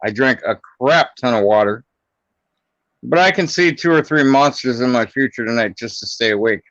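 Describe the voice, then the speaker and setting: A man's voice: mid-range voice, normal speed, fairly bright tone, no echo. A man with a cough and congestion, talking in a matter-of-fact, clipped way in a casual podcast chat. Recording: dry lo-fi audio.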